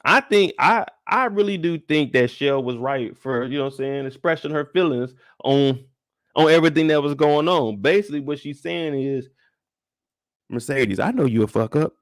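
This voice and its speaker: Hosting a live after-show discussion, a young man tells loose, profane, rambling stories at a moderate pace. His voice is a little high. The audio is studio quality with no room sound.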